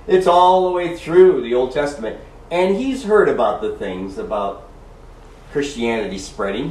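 A man's voice: mid-range voice, expressive, measured pace, a little mellow. A man preaching a sermon, reading scripture aloud and adding emphatic, chuckling asides. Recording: roomy echo from a distance.

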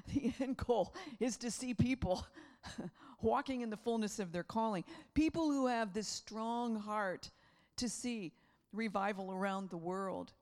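A middle-aged woman preaching a sermon, animated and laughing often as she acts out the voices in her stories. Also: medium pitch.

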